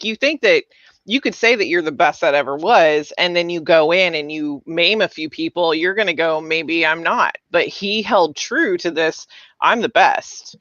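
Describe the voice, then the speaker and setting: A man's voice: high-pitched, a bit bright, no room sound, highs cut off. A man co-hosting a podcast, talking casually with frequent restarts. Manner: conversational, halting with restarts. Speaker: podcast co-host. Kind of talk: casual chat.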